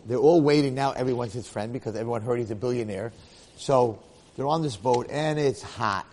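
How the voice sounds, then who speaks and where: A man giving a Torah lecture, telling a parable in an animated way and acting out the characters' lines. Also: mid-range voice, breathy edge, big-room sound. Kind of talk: storytelling lecture.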